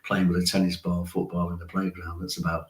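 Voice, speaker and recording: Deep-voiced man in his sixties. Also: monotone, a little fast, noisy background. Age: 60s. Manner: chatty storyteller, chuckles often. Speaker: musician guest. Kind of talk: casual interview chat. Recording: roomy echo.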